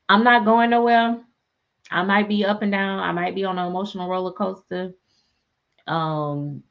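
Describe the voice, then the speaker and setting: Chatty lo-fi woman storyteller, low-voiced. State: sleepy. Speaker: reborn doll artist and live streamer. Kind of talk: casual live-stream chat. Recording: dull lo-fi live-stream audio.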